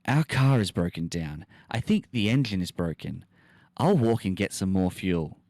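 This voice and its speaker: A man's voice: sits low, lively intonation, normal speed, a little mellow, no room sound, clean studio sound. A man doing a doting young boyfriend. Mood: earnest. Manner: earnest, doting. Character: devoted young boyfriend on a moonlit drive.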